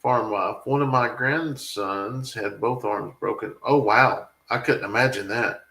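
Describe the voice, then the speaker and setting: A man's voice: medium pitch, a little slow, bright, forceful tone. Farm vlogger, man, emotional and rambling, reading viewer chat in an echoey room. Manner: rambling, emotional, talks back to viewer comments. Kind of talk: casual live-stream chat.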